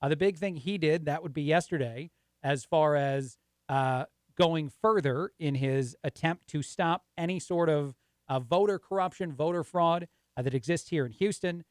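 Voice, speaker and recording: A man's voice: a little high, moderate pace, no room sound, studio quality. Casual man hosting talk radio. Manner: casual, laughs often, rambling. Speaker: guest radio host.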